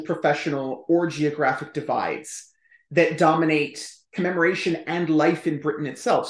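A man speaking as a historian guest on a podcast, explaining at length in a chatty, emphatic way with quick asides. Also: fairly high pitch, echoey room. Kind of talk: conversational podcast interview.

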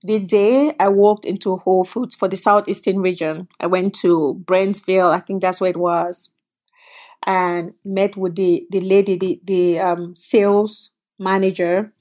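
A middle-aged woman from Cameroon sits as a guest and tells her story with animated, acted-out voices. Her pitch sits in the middle range. She talks in an earnest, expressive way. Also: measured pace. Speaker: guest, food company founder. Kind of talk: interview storytelling.

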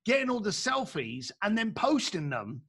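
A man's voice: sits high, normal speed, slightly rough. A man, a coach, talking casually and emphatically, acting out little dialogues as he makes his points. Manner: animated, emphatic, acts out dialogues. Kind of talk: casual chat.

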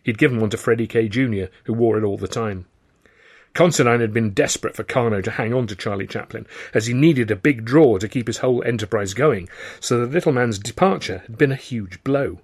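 A man's voice: mid-range voice, brisk, breathy edge. A man reading his own novel aloud as first-person narrator, in a wry storytelling manner. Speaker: author and narrator.

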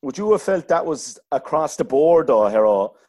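Man, podcast host, casual filler-heavy chat, dark mellow voice. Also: on the high side, expressive, normal speed. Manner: informal, hedging with many fillers.

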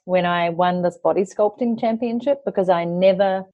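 A woman interviewer sharing a personal story in casual conversation, quick and earnest. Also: on the low side, dry recording. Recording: dull lo-fi recording.

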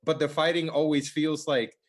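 A man co-hosting a casual film chat, talking haltingly with restarts and sighs, swearing now and then. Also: a little high, level tone. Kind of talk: casual movie review chat.

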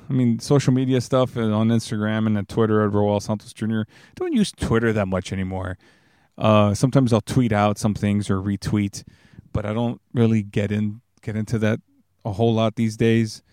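A man's voice: on the low side, fairly even intonation, moderate pace, dark tone, clean tone, dry recording. A man hosting his own podcast, talking in a casual, rambling, earnest way close to the microphone. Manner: rambling, earnest, many restarts and fillers. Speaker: podcast host. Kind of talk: casual solo podcast monologue.

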